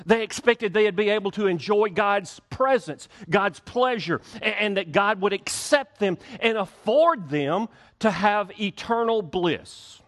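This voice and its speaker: A man's voice: high voice, fairly bright tone. A middle-aged male pastor preaching a conversational sermon, acting out little everyday dialogues to make his points.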